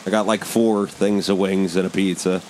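A man's voice: low-pitched, level tone, moderate pace, a little mellow, a little hiss or hum, rough recording. A man co-hosting a podcast, telling a story in an agitated, emphatic way and swearing constantly into a studio mic. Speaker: podcast co-host. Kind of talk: casual profane storytelling. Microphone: studio microphone.

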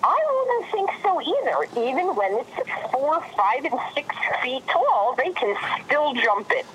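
A woman's voice: high voice, very animated, unhurried, fairly bright tone, muffled recording, a little hiss or hum. A woman with a New Jersey accent, a guest chatting casually and bluntly, laughing easily. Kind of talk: casual chat.

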